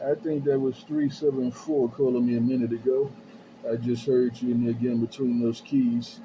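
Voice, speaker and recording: A man's voice: medium pitch, level tone, normal speed, dull audio, background noise. A man on a CB radio at his home base station, calling out his handle and greeting others in repeated sing-song phrases. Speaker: CB radio operator. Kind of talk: CB radio call-outs. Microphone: CB radio handheld mic.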